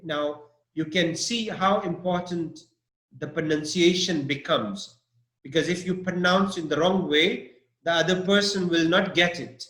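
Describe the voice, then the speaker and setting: A man teaching an English vocabulary lesson live online, explaining slowly and deliberately and often checking in with his students. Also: a little high, fairly bright tone. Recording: echoey room.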